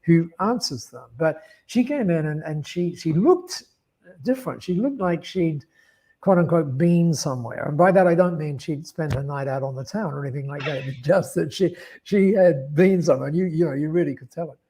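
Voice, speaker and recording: An Australian man with a slightly husky, somewhat high voice talks through a story as an interview guest. He rambles and restarts, slipping into quoted back-and-forth dialogue as he goes. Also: moderate pace, dark tone. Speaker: guest speaker.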